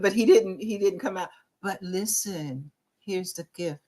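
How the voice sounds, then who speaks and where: A woman's voice: medium pitch, measured pace. A middle-aged woman co-hosting a talk show, telling a personal story in casual chat and acting out the voices of people she quotes. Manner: animated storyteller, acts out quoted voices, restarts often.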